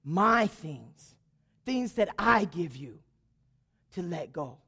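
A woman voicing God as a calm, patient male presence who speaks softly and instructs gently. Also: fairly low pitch, takes it slowly, breathy edge, in a large hall, voice pushed down, full character voice. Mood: gentle.

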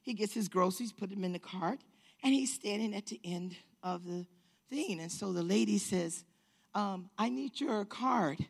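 A woman with a husky, slightly breathy voice tells a personal story to a live audience. She acts out every person she quotes, swings her pitch high and low, and breaks into shouts as the tale builds. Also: moderate pace. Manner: lively storyteller acting out quotes, rising to shouts.

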